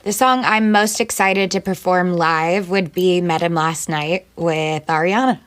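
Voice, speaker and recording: A woman with a fairly low voice, talking casually in an interview. She is chatty and playful, and gives short, snappy answers. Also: fairly even intonation. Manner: chatty and playful, quick one-word answers. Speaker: singer and actor being interviewed.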